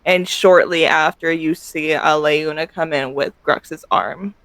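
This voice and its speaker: Man, game master, slow halting narration, bright tone, dry close sound. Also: fairly high pitch, steady tone, dry recording, rough recording. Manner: halting narration with many fillers.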